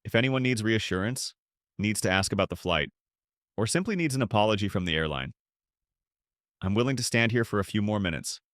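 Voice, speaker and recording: A man reading the lines of a calm, earnest male airline captain in a low, lively voice. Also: a little fast, long pauses, no echo, studio quality.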